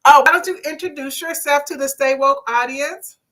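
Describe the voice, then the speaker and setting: A woman's voice: high voice, normal speed. A woman, hosting a casual livestream talk show and reading viewer comments in an outspoken, preachy way. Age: 50s. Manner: outspoken, lively, preachy, swears.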